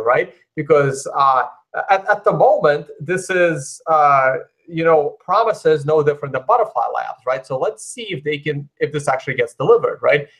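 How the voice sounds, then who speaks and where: A man on a live panel show talking through his camera mic, in a measured, doubting way. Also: on the high side, fairly bright tone. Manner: skeptical, measured, asks for proof. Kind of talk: casual crypto panel talk. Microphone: camera mic on a call.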